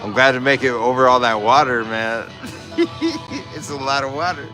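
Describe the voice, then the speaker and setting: A man's voice: mid-range voice, steady tone, moderate pace, over music. A man hosting a livestream as an artist, telling a story in a rambling, casual way and laughing often.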